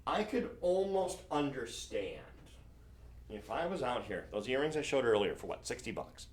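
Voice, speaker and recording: A man's voice: medium pitch, big pitch swings, normal speed. A man hosting a live shopping stream, selling jewelry in a chatty, enthusiastic way and correcting himself as he goes. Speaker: shopping channel host.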